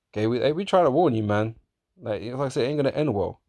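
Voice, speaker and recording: A man preaching in a casual, profane way, often laughing, calling listeners man and bro, and reading scripture slowly in old-fashioned wording. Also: medium pitch, lively intonation, vocal fry, dark tone, no echo. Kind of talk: street-style sermon, reading scripture.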